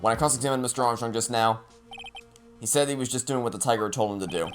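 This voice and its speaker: A man's voice: medium pitch, fast talker, soft background music. A man playing through a video game and reading its dialogue aloud with playful, joking asides. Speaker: let's play gamer.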